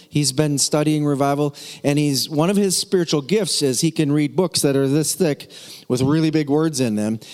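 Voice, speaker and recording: A man's voice: medium pitch, darkish tone, long reverb tail. A middle-aged man preaching a sermon as pastor, talking in a conversational way with joking asides and frequent restarts.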